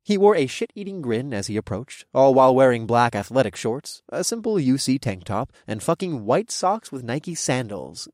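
Young male audiobook narrator, wry and casual, lively pitch, dry close studio sound. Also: normal speed, no room sound. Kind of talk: first-person scripted narration.

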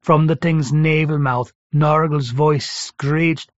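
A man reading a first-person story aloud in a steady, measured way. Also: fairly high pitch, no echo. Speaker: narrator. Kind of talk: first-person audiobook narration. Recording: dry, slightly dull recording.

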